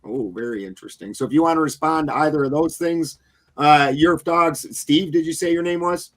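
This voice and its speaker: A man moderates a livestream debate and reads out viewer messages. His voice is slightly high. He keeps things relaxed and casual. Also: brisk.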